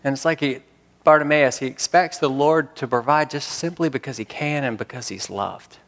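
A man's voice: mid-range voice, normal speed, a bit bright, big-room sound. A man preaching a sermon, reading scripture and talking in a conversational way with rhetorical questions. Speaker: pastor.

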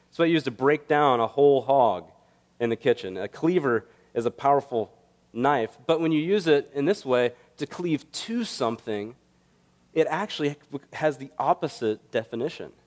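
A man's voice: mid-range voice, a little mellow. A man preaching a sermon in an earnest, conversational way, mixing teaching with stories. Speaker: pastor.

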